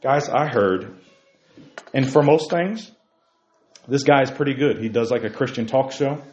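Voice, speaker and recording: A man leading a Bible study in a fiery preaching style, emphatic, firing off rhetorical questions and leaping to near-shouts. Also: mid-range voice, a little slow. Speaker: Bible teacher. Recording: roomy, dull lo-fi sound.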